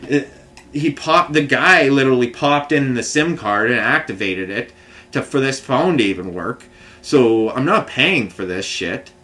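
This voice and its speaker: Man, mid pitch, rambling frustrated vlog rant, loose and run-on. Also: animated, a little slow, bright, forceful tone. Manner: frustrated, run-on storytelling full of filler phrases. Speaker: vlogger. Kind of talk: rambling personal rant to camera.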